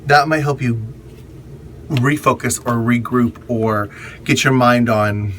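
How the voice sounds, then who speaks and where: A man's voice: medium pitch, steady tone, slow, fairly bright tone, slight background noise. A man who hosts drag shows, giving candid, chatty public speaking tips in a casual vlog, leaning on emphatic repetition. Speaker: drag performer and event host.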